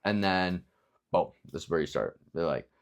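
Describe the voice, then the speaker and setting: A man's voice: sits low, normal speed. A young man giving casual, rambling sales coaching, filled with likes and restarts, sometimes acting out both sides of a phone call. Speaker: business coach. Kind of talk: casual instructional talk.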